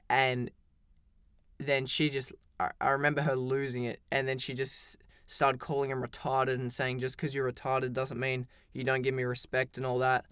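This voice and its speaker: A man's voice: medium pitch, fairly bright tone, clear, resonant tone, dry recording, clean studio sound. A teenage boy telling a story in a casual, rambling storytime style, full of "like" and restarts. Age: teens. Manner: rambling, heavy use of "like", frequent restarts.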